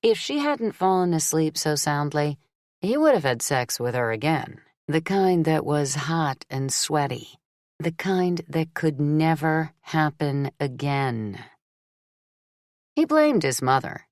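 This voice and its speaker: A woman with a low voice reads a romance novel aloud at an unhurried pace. Her delivery is measured and steady, and the recording is close and dry with no room sound. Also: no room sound. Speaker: audiobook narrator. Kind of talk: scripted romance novel narration.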